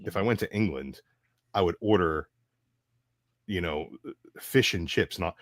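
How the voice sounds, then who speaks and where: A man hosting a casual live stream chat, swearing freely and telling stories in an animated way. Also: sits low, a little slow, no echo, clean studio sound. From United States. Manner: profane, ranting, animated storytelling. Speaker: show host.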